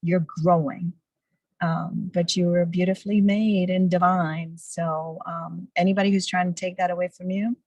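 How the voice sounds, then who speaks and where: A woman's voice: lowish voice, level tone, moderate pace, a little mellow, no echo, poor audio. Earnest, emphatic woman in her fifties. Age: 50s. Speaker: guest speaker and nonprofit founder. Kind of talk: conversational interview answers.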